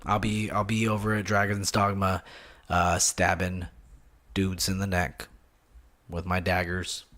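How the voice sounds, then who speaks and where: A young man hosting a casual solo gaming podcast, rambling and excitable, swinging between low muttering and loud outbursts. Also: measured pace. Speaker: podcast host.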